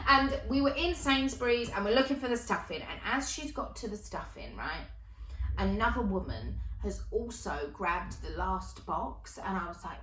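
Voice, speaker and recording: A young woman telling a personal story in casual vlog style, animated and swearing freely. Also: medium pitch, moderate pace, a little hiss or hum. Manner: animated, swears freely, laughs between lines. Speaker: vlogger. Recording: roomy echo.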